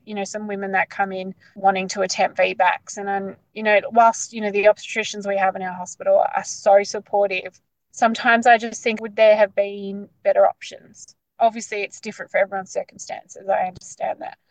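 A woman's voice: mid-range voice, no echo, poor audio. A woman, casually telling a long personal story full of "like" fillers. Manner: chatty, animated, lots of "like" fillers. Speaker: guest sharing her birth story.

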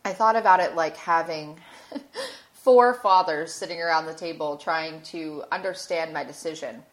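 Candid female podcast host, lowish voice, confessional storytelling, swears freely. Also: normal speed. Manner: candid, emotional, swears casually. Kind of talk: personal storytelling monologue.

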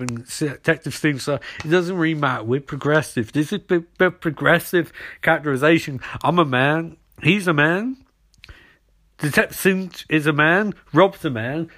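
Man, podcast host, rambling, sarcastic, slightly high voice. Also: a bit bright. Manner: rambling, sarcastic, acts out characters mid-recap. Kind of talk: casual podcast recap.

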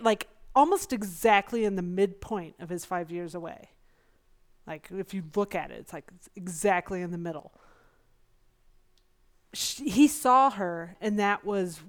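Woman co-host with a mid-range voice, earnest and analytical, arguing a point in a casual chat. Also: mid-range voice. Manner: earnest and analytical, self-aware about being petty. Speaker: podcast co-host.

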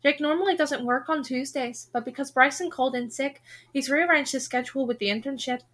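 Bright-voiced woman reading a novel aloud. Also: high voice, fairly quick. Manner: expressive first-person storytelling. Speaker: reader.

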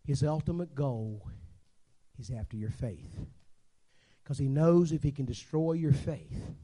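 A man in his sixties preaching a sermon as a guest preacher, telling stories and swinging between quiet talk and shouting. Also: medium pitch, a little slow.

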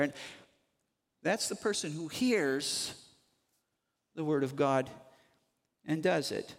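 A man's voice: fairly high pitch, animated, slow pace, pauses often. A man preaching a sermon and reading scripture aloud, emphatic and repeating words to drive points home. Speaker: pastor. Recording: long reverb of a large hall.

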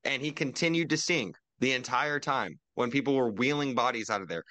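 A young man co-hosting a podcast over a video call, ranting and swearing in casual chat, jumping into loud mocking quotes. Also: medium pitch, brisk, no room sound. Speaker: podcast co-host.

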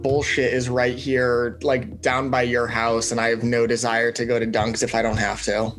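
A man's voice: mid-range voice, level tone, normal speed, a bit bright, soft background music. A young man co-hosting a podcast, teasing and swearing in casual chat. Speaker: podcast co-host.

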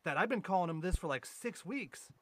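A man's voice: high-pitched, expressive, brisk, no room sound. A man co-hosting a podcast, telling profane, rambling anecdotes and mocking his friends in casual banter. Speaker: podcast co-host.

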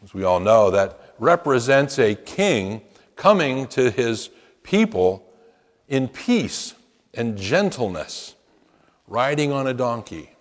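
A man delivers a sermon from the pulpit at an unhurried, measured pace. His voice swells into emphatic, chanted quotations before settling back. The sound carries the long reverb of a large hall. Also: medium pitch. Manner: emphatic preaching with rising chanted quotes. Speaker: pastor.

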